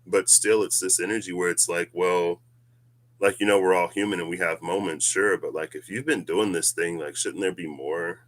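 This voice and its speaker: A man's voice: deep voice, fairly even intonation, normal speed. A man giving a casual tarot reading vlog, musing and rambling through spiritual ideas with frequent laughs. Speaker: tarot reader.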